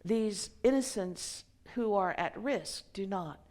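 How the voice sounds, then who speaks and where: A man's voice: high-pitched, expressive, slow pace, darkish tone. Woman telling a resolute martial artist. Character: young man trained in martial arts, resolute.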